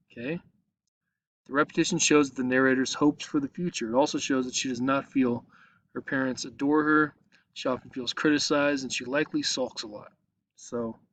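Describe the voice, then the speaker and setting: A man's voice: mid-range voice, a bit bright, dry recording. A male teacher patiently walks his students through an online lesson, checking in with frequent "okay?" as he explains each step. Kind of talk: recorded online lesson walkthrough. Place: at a computer, screen recording.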